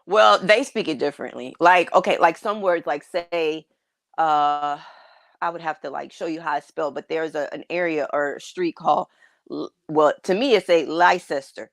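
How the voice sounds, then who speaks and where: A woman's voice: sits low, normal speed, gravelly, no room sound. An American woman co-hosting a casual podcast, chatting and laughing with many restarts. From United States. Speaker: podcast co-host. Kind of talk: casual chat. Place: living abroad, talking remotely.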